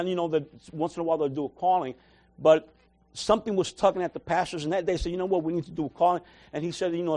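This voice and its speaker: A man giving a personal church testimony, emotional and repetitive, swinging between loud emphasis and quiet. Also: fairly high pitch.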